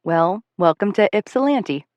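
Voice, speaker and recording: A woman's voice: mid-range voice, lively intonation, moderate pace, darkish tone, no echo, lo-fi sound, natural voice. A woman voicing a friendly, easygoing teenage boy next door in a storybook reading, light and casual.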